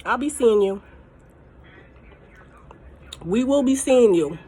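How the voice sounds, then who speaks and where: A woman's voice: on the high side, animated, takes it slowly, mellow, breathy edge. A woman in an angry, emphatic vlog rant, holding back tears as she talks to her viewers. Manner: furious, emphatic, repeating herself. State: close to tears. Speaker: mukbang vlogger.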